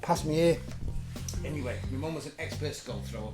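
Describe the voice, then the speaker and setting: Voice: mid-range voice, brisk, over music. A host, telling crude stories and giving blunt advice on a casual live chat show. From Moston, Manchester. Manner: crude, storytelling, swearing.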